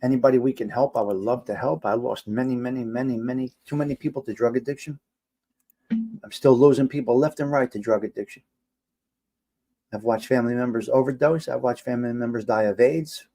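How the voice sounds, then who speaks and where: A middle-aged man hosting a casual livestream show, talking to his chat and swinging between loud, exasperated, swearing outbursts and quiet mutters. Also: medium pitch, brisk. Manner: animated, exasperated ranting with swearing.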